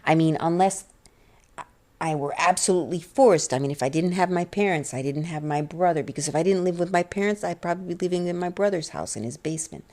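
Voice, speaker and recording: A middle-aged woman talking about her life in a rambling, halting way, near tears, full of restarts and fillers. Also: on the low side, mellow. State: tearful, on the verge of crying. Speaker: vlogger. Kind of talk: personal confessional vlog, soft-spoken.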